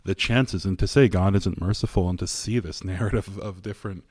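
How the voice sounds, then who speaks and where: A man co-hosting a church podcast, relaxed and reflective in casual chat, laughing easily. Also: low voice, a little fast, no room sound, studio quality. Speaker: podcast co-host.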